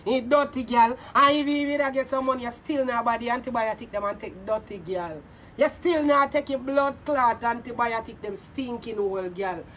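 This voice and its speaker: A woman with a Jamaican accent ranting angrily on a vlog, loud and profane, hurling insults and often shouting. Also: sits high. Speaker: vlogger. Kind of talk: angry social media rant. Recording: voice a little far from mic, faint background noise.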